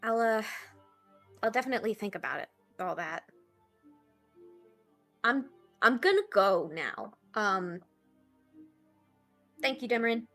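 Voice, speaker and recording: Woman player, kinda high bright voice, hesitant, trails off a lot, faint music. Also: expressive, measured pace, pauses often. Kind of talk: tabletop role-play, in and out of character.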